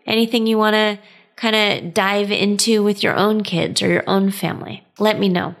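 A woman's voice: medium pitch, steady tone, moderate pace, gravelly. A woman in her thirties hosting a podcast, telling personal stories in a chatty way and laughing often. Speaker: podcast host. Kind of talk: casual storytelling monologue.

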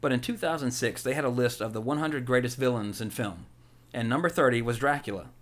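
A young man co-hosting a podcast, chatting casually about a movie in a rambling, excitable way. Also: medium pitch. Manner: rambling, excitable, quick with jokey impressions. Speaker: podcast co-host.

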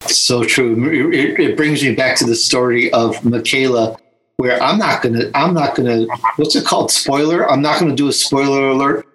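A man's voice: mid-range voice, normal speed, a bit bright, slight background noise, low-quality recording. A man hosting an interview, upbeat and promotional as he steers the questions. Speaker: podcast host.

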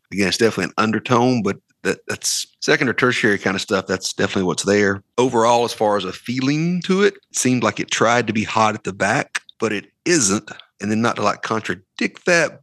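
Bright-voiced man chatting casual tasting notes. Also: on the low side, no echo. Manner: rambling, self-correcting, laughs often. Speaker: whiskey reviewer.

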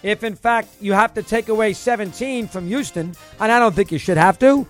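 High-voiced, emphatic male sports talker. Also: a little fast, faint music behind. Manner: emphatic and excitable, repeats points. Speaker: sports radio host. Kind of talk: opinionated sports talk monologue.

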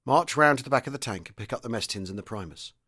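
Earnest young tank commander, forcing sternness, slightly raised pitch, read by a man. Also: expressive, fast talker, sharp tone. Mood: ordering. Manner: trying to sound stern.

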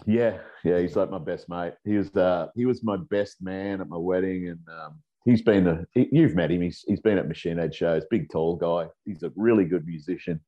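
A man's voice: sits low, normal speed, hardly any pauses, lo-fi sound. A middle-aged Australian man telling rambling, profane stories in a casual chat, laughing as he goes. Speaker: guest.

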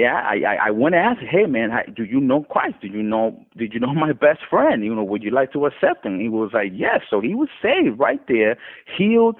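A man casually telling a faith testimony, often restarting and lifting his voice when quoting others. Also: medium pitch. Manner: animated retelling with many restarts, voice rising when quoting others. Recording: tinny phone-line sound.

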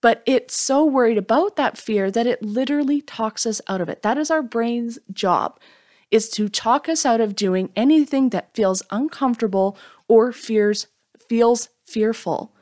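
Frank upbeat woman podcaster, slightly high voice, pep talk to listeners. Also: a little mellow. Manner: frank and upbeat, acts out her inner voice in quick asides. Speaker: podcast host. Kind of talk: solo motivational podcast talk.

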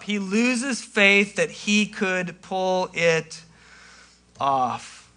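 Guy preaching, high bright voice, super animated, acts out the lines, goes loud then real quiet. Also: moderate pace. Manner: animated, swings from loud to hushed; conversational, acts out quoted lines. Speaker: pastor. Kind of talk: sermon.

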